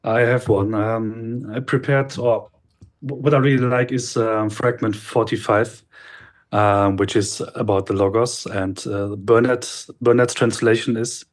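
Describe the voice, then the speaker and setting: A man's voice: fairly low pitch, fairly even intonation, a little slow. A man in a podcast discussion who speaks in a hesitant, thoughtful way, with many restarts. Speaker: podcast guest. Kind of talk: casual discussion.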